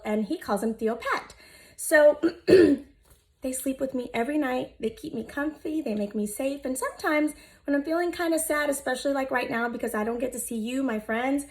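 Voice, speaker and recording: A woman in her thirties, a teacher, reading a children's picture book aloud in an expressive, gentle voice and talking directly to her young listeners. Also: high-pitched. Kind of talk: storybook read-aloud for children.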